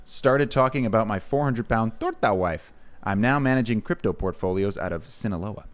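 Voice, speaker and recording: A man hosting a comedy podcast, reading comments and adding dry, deadpan quips. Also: on the low side, moderate pace. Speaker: podcast host. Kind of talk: casual comedic chat.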